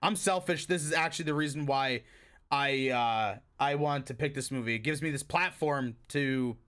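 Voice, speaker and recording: A man co-hosting a podcast, ranting excitedly about a movie in casual talk and swearing freely. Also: medium pitch, normal speed, smooth. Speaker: podcast co-host.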